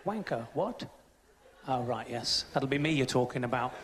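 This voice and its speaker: A man's voice: medium pitch, level tone, a little fast, a bit bright, a little hiss or hum. A British man doing a crude, cheeky stand-up set in a theatre, acting out voices. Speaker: stand-up comedian. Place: large theatre stage. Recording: roomy live theatre recording. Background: audience laughing.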